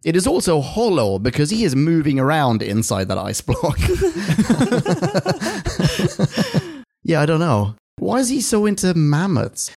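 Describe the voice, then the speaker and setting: A man co-hosting a podcast in casual chat, excitable and prone to laughing. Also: on the high side, slow, creaky, husky. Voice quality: animated, giggly, excitable. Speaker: podcast co-host.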